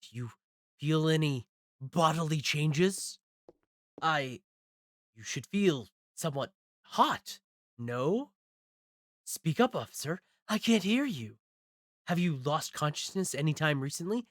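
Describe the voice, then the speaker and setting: A haughty middle-aged professor questions his visitors with open scorn, as a man puts him on. The voice is bright and lively, climbing high when he gets indignant. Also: slow, pauses often, no echo, clean studio sound. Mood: scornful. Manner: haughty, interrogating.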